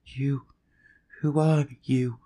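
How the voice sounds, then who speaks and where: A man's voice: mid-range voice, level tone, very slow, warm tone, voice pushed up. A man voicing a terrified young village girl, gasping and faint, in an audiobook reading. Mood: frightened.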